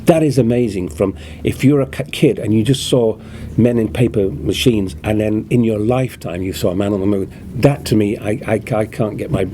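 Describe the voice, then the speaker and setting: An older man, a guest actor, telling animated anecdotes in a convention interview. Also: on the low side, moderate pace, noisy background. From England.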